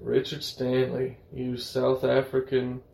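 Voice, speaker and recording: A man's voice: mid-range voice, completely flat delivery, slow, vocal fry, a little mellow, reverberant, poor audio. A man co-hosting a podcast in casual chat, profane and joking, laughing often. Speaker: podcast co-host.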